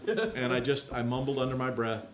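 In a large rented hall that hosts church services, a pastor speaks at normal speed in a mid-range voice with little pitch movement, amid an echoey room and heavy background noise. His sermon is conversational, built on candid, self-deprecating stories where he performs other people's voices.

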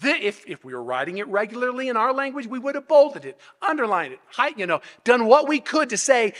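High-voiced man preaching in a reverberant hall. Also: very animated, a little fast, few pauses, a bit bright. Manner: teaching, explanatory, uses rhetorical questions; frequent restarts and repeated words. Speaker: pastor. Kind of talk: expository sermon. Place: church sanctuary.

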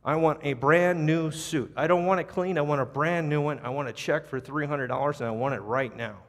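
A man's voice: on the high side, a little fast, fairly bright tone. A man playing an enraged restaurant customer who screams and repeats himself indignantly, in a reverberant church. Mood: furious shouting.

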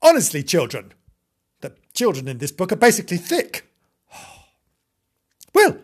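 A man's voice: on the high side, wildly swooping pitch, measured pace, pauses often, slightly rough. A man reading a children's book aloud in a mock-sweet tone, with cheeky ad-libbed asides and giggles. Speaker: comic storyteller.

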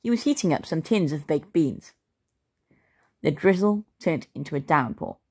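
A woman reading a children's story aloud as a storyteller, expressive and playful. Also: sits low, moderate pace, breathy edge.

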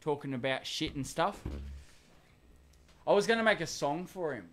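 An Australian man rambles through loose studio banter with a lively, up-and-down voice pitched a bit high. He jokes, swears and riffs off whatever is in front of him. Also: moderate pace, a crowd in the background. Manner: rambling, jokey, swears freely. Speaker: host. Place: recording studio.

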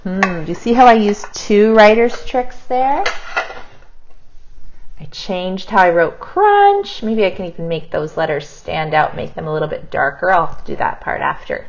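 A woman teacher modeling kindergarten writing, thinking aloud and slowly sounding out each word as she writes. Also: on the low side, big pitch swings, vocal fry, dull audio. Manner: slow, sounds words out while writing.

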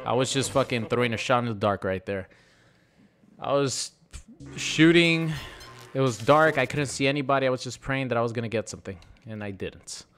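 A man's voice: medium pitch, brisk, music in the background. Cursing, frustrated man commentating gameplay. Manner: frustrated, swearing, muttering to himself. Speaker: gaming streamer. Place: room at home.

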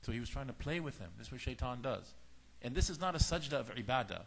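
A religious teacher whose first language is Farsi delivers a sermon-style lecture on faith in a fast, gravelly, slightly rough mid-range voice. He tells animated stories and acts out the dialogue of the people in them, shifting his voice for each.

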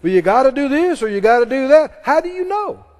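A man's voice: very high-pitched, very animated, a little fast. A man preaching a sermon emphatically and leading his congregation in call-and-response. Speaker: pastor. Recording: long reverb of a large hall.

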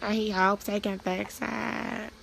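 A woman's voice: mid-range voice, flat delivery, slow, creaky, a bit bright, slight background noise, pitched above the performer's own voice, full character voice, poor audio. A woman doing a raised, sugary voice for an older lady passing on gossip. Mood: earnest.

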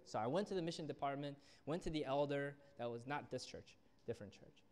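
A man's voice: mid-range voice, fairly quick, a little mellow. A young man preaching a sermon as a youth pastor, telling stories and acting out the people in them. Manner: storytelling, acts out quoted people. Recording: long reverb of a church hall.

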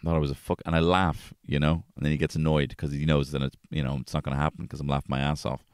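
Here the podcast host moves at a quick pace with a smooth delivery, animatedly recounting family stories and cursing without restraint. He acts out quoted lines in a high voice, and the audio is dry and studio quality.

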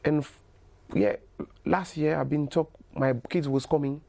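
Soft-spoken man with gravelly voice. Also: on the high side, fairly even intonation, no echo. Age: 30s. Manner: halting, repeats words, many "you know". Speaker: guest footballer. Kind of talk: casual interview chat.

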